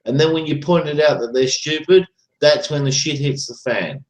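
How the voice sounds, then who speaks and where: Ranting casually on his live chat stream, a man rambles, swears and repeats himself in a fairly high voice at a moderate pace. A roomy echo colors the recording.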